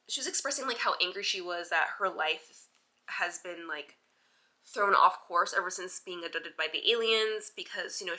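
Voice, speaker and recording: A woman chatting casually in a book vlog, animated and informal, leaning on "like" and dropping the odd swear word. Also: on the low side. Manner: chatty and animated, heavy use of "like". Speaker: book vlogger. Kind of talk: casual reading vlog chat.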